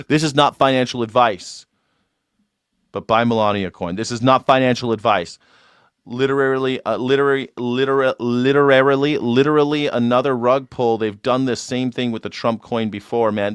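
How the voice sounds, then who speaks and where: A man hosting a live call-in stream, talking in a mocking, sarcastic way and swinging between mock outrage and low asides. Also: steady tone, moderate pace, smooth, dry recording, studio quality.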